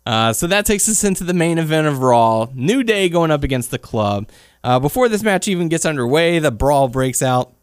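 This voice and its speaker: A man co-hosting a casual chat, recapping events in an animated way. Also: on the high side, moderate pace, clear, resonant tone, no room sound, studio quality. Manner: animated recapper who acts out quotes. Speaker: podcast co-host.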